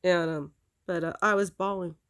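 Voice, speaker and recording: A woman's voice: fairly low pitch, fairly even intonation, fairly bright tone, clear, resonant tone. A woman telling a painful personal story from her past in an earnest, emotional way, often stopping and restarting her sentences. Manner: halting, with frequent restarts and fillers.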